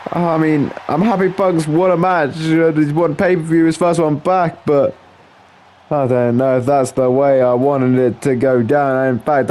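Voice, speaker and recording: A man with a fairly high voice narrates video game action as a casual play-by-play commentator. He is excitable and keeps tossing in exclamations and filler words as he calls the moves. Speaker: gameplay commentator.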